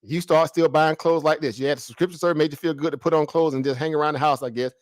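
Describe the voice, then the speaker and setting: A man talks through stock charts in a loose, slangy way, and keeps posing rhetorical questions before he answers them. His voice sits a bit high and sounds dry and close to the mic. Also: quick pace, no room sound. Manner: rhetorical questions, slangy and animated, mimics traders. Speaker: market commentary host. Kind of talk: casual stock market commentary.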